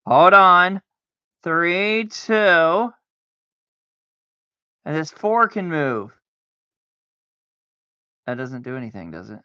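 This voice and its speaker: A man's voice: a little high, expressive, drawn-out words, pauses often, bright, forceful tone, clean tone, no echo. A man streaming a solitaire game, talking to himself in casual commentary and arguing with himself, with mock-scared outbursts. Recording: dull lo-fi dry sound.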